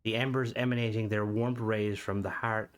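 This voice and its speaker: A man's voice: fairly low pitch, little pitch movement, clean tone, natural voice. A man doing a put-on accent to read aloud a story told by a grown man recalling a dreamlike boyhood. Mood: wistful. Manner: put-on storytelling accent, slow dramatic reading. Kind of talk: dramatic reading of a story.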